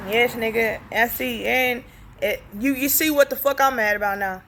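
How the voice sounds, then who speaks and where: A woman's voice: on the high side, normal speed, slight background noise. Blunt, profane young woman telling a story. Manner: blunt, profane, animated retelling with quoted dialogue. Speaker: storytime vlogger. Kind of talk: casual storytelling.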